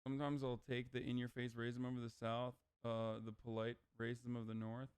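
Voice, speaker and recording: A man's voice: mid-range voice, flat delivery, brisk, clean tone, no echo. A man livestreaming casual reaction commentary, talking in a profane, ranting, argumentative way on a close microphone.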